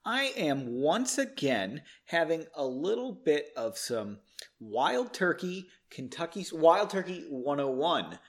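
A man hosting a podcast, casually reading a story aloud and breaking off for joking, self-deprecating asides. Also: a little high.

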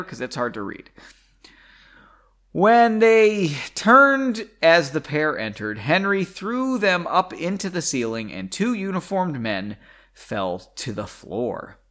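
A man's voice: on the high side, fairly bright tone. Profane, self-mocking man reading his story. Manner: stumbles and rereads lines. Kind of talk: casual read-aloud with commentary.

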